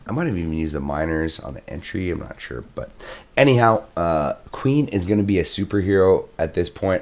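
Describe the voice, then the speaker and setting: A hoarse man, losing his voice, giving relaxed play-by-play commentary on a strategy game, with fillers and throat clearing. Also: low-pitched, muffled recording. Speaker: clan war commentator. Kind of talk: gameplay commentary.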